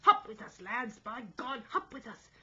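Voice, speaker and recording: A woman voicing a male sailor shouting urgently as he climbs the rigging. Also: a little high, sing-song, normal speed, husky, lo-fi sound, voice pushed up, heavily acted. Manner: shouting, gasping.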